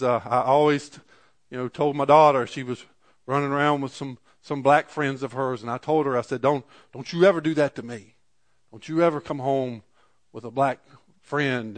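A middle-aged male pastor preaching a sermon, telling a story in an earnest way and rising to fervent preaching. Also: mid-range voice.

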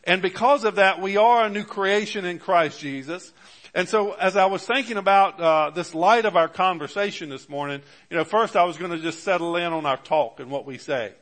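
A man's voice: high-pitched, moderate pace, fairly bright tone. A man preaching a sermon as pastor, with emphatic rises on key words and many fillers and restarts. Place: church.

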